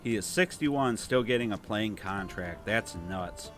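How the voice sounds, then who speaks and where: A man with a Toledo, Ohio twang hosts a relaxed gameplay stream in a low-pitched voice. He rambles easily and reads out comments from viewers, with faint music playing underneath. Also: unhurried. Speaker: livestream host. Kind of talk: casual gameplay livestream chat.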